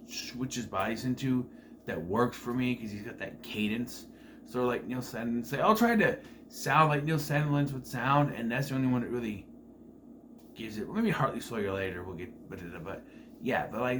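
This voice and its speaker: A man's voice: mid-range voice, fairly bright tone, a little hiss or hum. A man giving a casual spoken review of a TV season, rambling with frequent fillers and self-corrections and the odd wry, incredulous aside.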